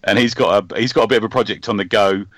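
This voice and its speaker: Fast-talking low-voiced man. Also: fairly even intonation, a bit bright, dry recording. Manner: chatty, rambling, with many ums and restarts. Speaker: podcast host. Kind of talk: casual chat.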